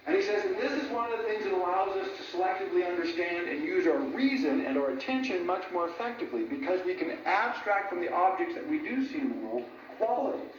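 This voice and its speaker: A man giving an informal lecture, animated, laughing at his own jokes and often asking "right?". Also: high voice, a little hiss or hum. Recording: echoey room from a distant mic, dull sound.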